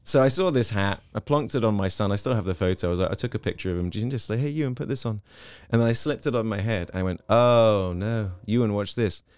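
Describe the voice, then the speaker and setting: Fast-talking English man, smooth voice. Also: on the low side, no room sound. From Hong Kong-born, British. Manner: chatty storyteller, quick and animated. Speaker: interview guest, content creator. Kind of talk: casual interview chat.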